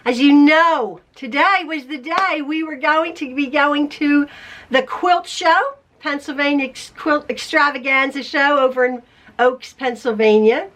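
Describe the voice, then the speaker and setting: A woman's voice: sits high, unhurried, fairly bright tone. An older woman vlogging casually to camera about quilting, chatty and emotional, with frequent laughs, tired after an illness. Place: at home, later in her parked car.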